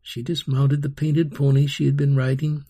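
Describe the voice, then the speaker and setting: A man reading a story aloud as scripted narration, slow and dramatic. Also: on the high side, level tone, dark tone, breathy edge. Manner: slow, dramatic storytelling with sung-out carnival sounds.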